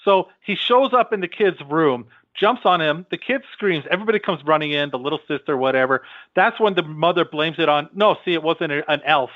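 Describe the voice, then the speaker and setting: A man's voice: fairly high pitch, fairly quick, no room sound. A man co-hosting a podcast, rambling as he retells film scenes in casual chat. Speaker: podcast co-host. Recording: dull, dry lo-fi podcast mic.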